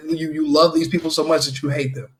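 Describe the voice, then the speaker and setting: A man delivers a heated opinion rant as a commentary host. He talks in a fairly high register and repeats himself for emphasis, with a scornful edge throughout. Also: big pitch swings, brisk, creaky, fairly bright tone, slight background noise.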